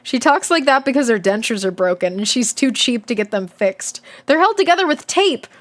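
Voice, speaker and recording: Brief: a woman playing a blunt, scheming preteen girl, matter-of-fact and a bit high. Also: expressive, brisk, close to an everyday voice.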